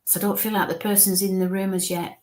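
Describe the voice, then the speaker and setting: A woman medium giving live readings, her voice sitting at an ordinary middle pitch. She talks in stops and starts and keeps dropping into soft, coaxing murmurs between her statements. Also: flat delivery. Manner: halting, breaks off to coax spirits under her breath. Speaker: psychic medium. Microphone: live stream mic.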